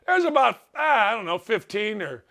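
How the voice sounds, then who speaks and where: A middle-aged man talks in a casual, excitable monologue on a sports show. His voice sits fairly high, and he tells stories at his own expense, repeating lines for comic effect. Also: moderate pace, creaky. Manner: excitable storyteller, self-mocking, repeats phrases for effect.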